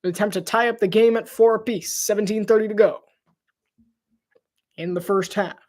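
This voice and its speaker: A man calls a basketball game alone as an amateur play-by-play commentator. His voice jumps up with excitement on the big plays, and he sometimes stumbles over the players' names. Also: high voice, moderate pace. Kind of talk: amateur live sports commentary.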